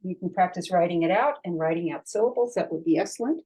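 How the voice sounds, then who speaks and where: A woman's voice: on the low side, expressive, quick pace, warm tone, poor audio. A woman teaching a language lesson, patiently sounding out syllables one at a time and repeating drills.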